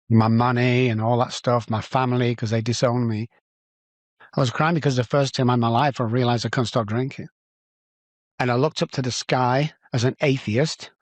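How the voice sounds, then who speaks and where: A man's voice: mid-range voice, no echo. A middle-aged man with a Manchester English accent, a podcast guest telling his life story with animation and acting out the dialogue. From England. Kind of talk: personal storytelling in an interview.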